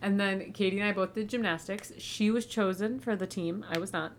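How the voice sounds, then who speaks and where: A young woman in casual podcast chat, telling animated stories, saying "like" a lot and swearing freely. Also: mid-range voice, brisk, slight background noise. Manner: chatty, animated storytelling with frequent "like" and swearing.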